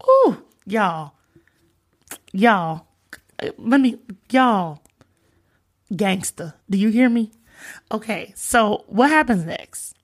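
A woman hosting a casual faith podcast, reading scripture aloud and retelling it with expressive, slangy asides and emphatic repetition. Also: mid-range voice, drawn-out words, long pauses, no echo. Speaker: podcast host.

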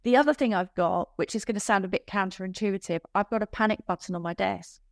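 A woman speaking as a business coach in a casual podcast interview, chatty and quick to laugh, with self-deprecating asides. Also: medium pitch, gravelly, no room sound, studio quality.

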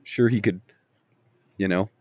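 A man's voice: lowish voice, steady tone, unhurried, a little mellow, dry recording. A man co-hosting a casual film podcast, rambling as he retells his reactions. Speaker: podcast co-host.

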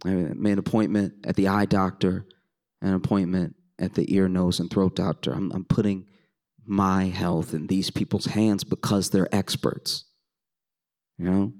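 Onstage before a live crowd, a man from Louisiana tells a funny story with animation and wry humor, addressing the audience directly. He speaks in a deep voice without hurrying.

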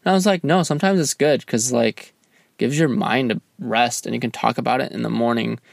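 Male co-host, mid-pitched, gravelly, calm and easygoing. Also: fairly quick, dry recording, clean studio sound. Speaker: podcast co-host talking with his partner. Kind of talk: casual chat.

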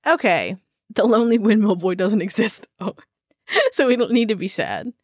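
A woman co-hosts a podcast in casual chat, her medium-pitched voice moving at a moderate pace with a dry sound and no echo. She laughs a lot, riffs playfully, and rambles in a giggly way.

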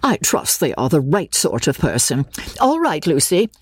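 Woman reading a fussy snobbish mother, middle-aged, placid, husky, dry. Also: low voice, sing-song, moderate pace, no room sound, exaggerated voice. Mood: fussing. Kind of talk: dramatic reading.

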